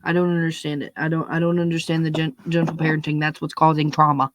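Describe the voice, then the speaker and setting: A young adult launches into an unscripted rant, blunt and full of swearing, repeating words to drive each point home. The voice sits at a middle pitch and sounds close and dry, with no room around it. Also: little pitch movement, quick pace, dry recording. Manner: blunt, profane, emphatic, repeats words when stressing a point. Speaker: monologue speaker. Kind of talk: unscripted ranting monologue.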